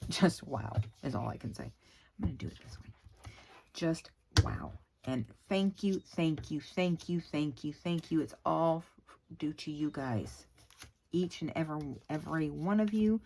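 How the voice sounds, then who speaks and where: Low-voiced chatty woman crafting vlogger. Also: slight background noise, rough recording. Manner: rambling, exclaiming, talking while working. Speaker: crafting channel host.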